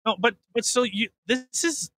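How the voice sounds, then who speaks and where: A man's voice: very high voice, normal speed, pushed and bright, no echo. A man co-hosting a podcast, blunt and teasing, with frequent restarts as he talks. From Canada. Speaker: podcast co-host. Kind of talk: casual podcast chat.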